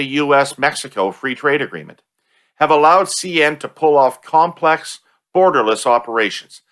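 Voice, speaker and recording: A man hosting a podcast, chatting casually and reading a sponsor spot, jokey and quick to laugh. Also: mid-range voice, sharp tone. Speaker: podcast host.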